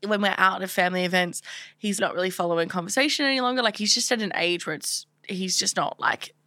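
A young woman co-hosting a podcast in casual chat, teasing and blunt, quick to laugh. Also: medium pitch, bright, forceful tone, no room sound. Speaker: podcast co-host.

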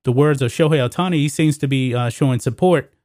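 A man's voice: medium pitch, fast, darkish tone, no echo, studio quality. A man hosting opinionated sports commentary, emphatic and repetitive, calling viewers guys.

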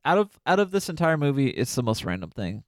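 A man's voice: mid-range voice, very animated, fast talker, no room sound, clean studio sound. A man co-hosting a podcast, chatting casually about a horror film and rambling through trivia with many restarts. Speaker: podcast co-host. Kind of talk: casual movie discussion.

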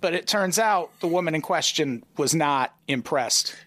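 A man's voice: a little high, lively intonation, normal speed, pushed and bright. A man co-hosting a comedy podcast, reading out a news story in a wry, casual way. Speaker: podcast co-host.

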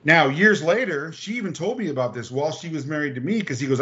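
A man telling personal stories in a casual podcast chat, animated and blunt, acting out quotes and swearing freely. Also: on the high side, fast, muffled recording. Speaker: podcast guest.

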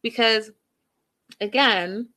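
A woman's voice: on the high side, drawn-out words, sharp tone. A woman giving casual, passionate commentary on a reality show, full of emphatic rhetorical questions.

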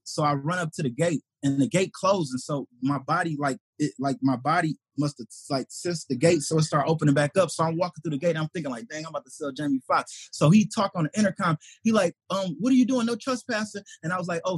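In a fairly high voice with a breathy edge, a Detroit man who does stand-up comedy recounts a story conversationally. He's animated and performs the voices of the characters he quotes, and there's no room sound.

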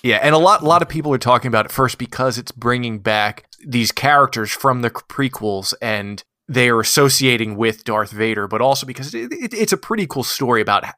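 Bright animated podcast man. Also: a little fast, few pauses, dry recording, studio quality. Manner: animated storyteller, does squeaky voices in jokes. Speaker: podcast co-host, comics expert. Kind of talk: casual chat.

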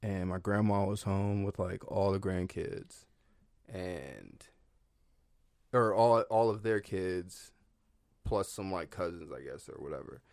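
Podcast guest, man, low voice, dry close sound, loose profane storyteller. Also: takes it slowly, vocal fry, darkish tone, dry recording. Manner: loose and profane, with many fillers and laughs. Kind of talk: casual storytelling.

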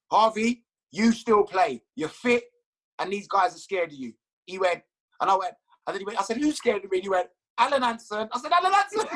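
A man as an interview guest, telling stories in a casual, animated way, swearing freely and laughing at his own tales. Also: sits high, rough recording. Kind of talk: casual storytelling.

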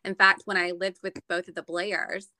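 A woman's voice: on the low side, little pitch movement, normal speed, pushed and bright, no echo. A woman from Florida chatting casually and telling stories about her family, with many restarts. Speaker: guest. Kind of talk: casual chat. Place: Northern Virginia.

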